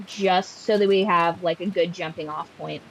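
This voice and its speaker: A woman's voice: fairly low pitch, steady tone, normal speed, a little hiss or hum, poor audio. A woman streaming a game, chatting casually with sarcastic, profane jokes.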